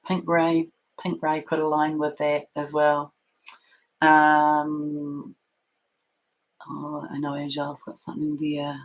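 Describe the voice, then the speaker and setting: A woman's voice: low-pitched, monotone, slow pace, pauses often, rough recording. Meandering woman hosting a spiritual livestream. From New Zealand. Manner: meandering, soft-spoken, many fillers and restarts. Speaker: spiritual channel host. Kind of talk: casual livestream talk, reading viewer comments.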